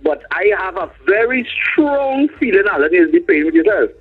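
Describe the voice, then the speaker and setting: Guy on a radio show, high husky voice, tells stories and does the callers, thin phone-ish sound with a bit of music under it. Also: normal speed, narrow, tinny audio. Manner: animated storyteller acting out callers. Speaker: radio co-host. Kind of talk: bawdy comedic radio chat.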